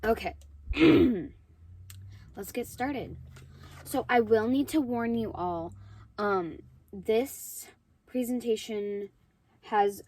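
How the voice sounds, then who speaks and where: Earnest woman with a hoarse, sore throat. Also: mid-range voice, darkish tone, a little hiss or hum. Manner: emotional, earnest, halting with fillers. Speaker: vlog host. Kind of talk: earnest to-camera talk.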